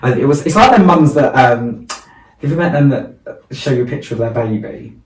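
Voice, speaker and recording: A man's voice: mid-range voice, lively intonation, a little fast. A man co-hosting a podcast, chatting casually and telling jokey stories. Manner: chatty, joking storyteller. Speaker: podcast co-host and event host. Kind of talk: casual chat. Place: small podcast studio. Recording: roomy sound, mic at a distance.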